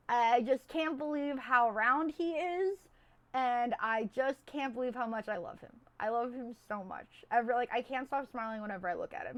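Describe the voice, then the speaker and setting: A young woman with a squeaky, fairly high voice chats on a live stream. She rambles in a bubbly way and keeps swinging from loud bursts to hushed asides. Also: moderate pace. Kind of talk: casual chat.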